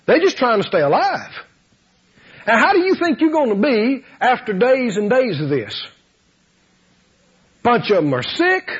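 A man preaching a sermon, animated and often laughing as he acts out voices. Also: extremely high pitch, a little slow, pauses often, husky. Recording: dull lo-fi sound.

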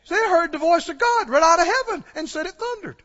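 A man's voice: very high voice, expressive, quick pace, pushed and bright. A man preaching a sermon, urgently pressing his congregation with questions. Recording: dull recording, long hall reverb.

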